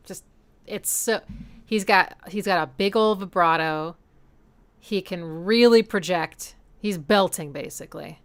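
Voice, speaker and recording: A woman's voice: fairly low pitch, measured pace, clear, resonant tone. Chatty woman breaking down a song. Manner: chatty and enthusiastic, scats rhythms aloud. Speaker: music analysis host. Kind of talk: casual educational music commentary. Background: faint song playing.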